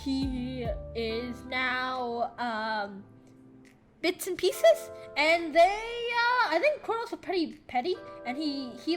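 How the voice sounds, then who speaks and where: A woman's voice: sits high, slow pace, soft background music. A woman rambling through a storytime while drawing, often sidetracked and correcting herself. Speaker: storyteller and artist.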